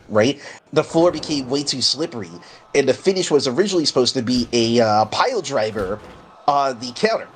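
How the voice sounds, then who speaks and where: A man hosts a relaxed gaming stream, talking easily at a middle pitch. He chats with friends and shouts out excited calls of the on-screen wrestling action. A faint hiss of noise sits behind him. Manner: chatty, bursts into excited play-by-play. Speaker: streamer and host. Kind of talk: casual gameplay chat and commentary.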